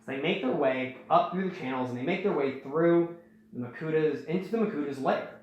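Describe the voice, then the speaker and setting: A man hosting a casual storytelling recap, rambling and animated, acting out the quotes. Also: on the high side, brisk, dull audio. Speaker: host. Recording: very echoey room.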